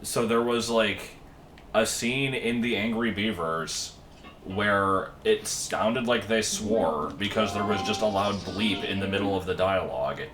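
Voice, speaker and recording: Low-voiced man ranting casually. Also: a little slow, noisy background. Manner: rambling, swears offhandedly, animated when ranting. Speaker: co-host chatting during a game stream. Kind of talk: casual chat. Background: loud game music.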